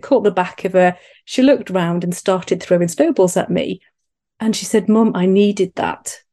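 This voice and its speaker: Warm-toned Welsh-born mother telling stories. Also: medium pitch. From Wales. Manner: earnest, animated when telling stories, self-deprecating. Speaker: guest. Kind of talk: podcast interview, personal story.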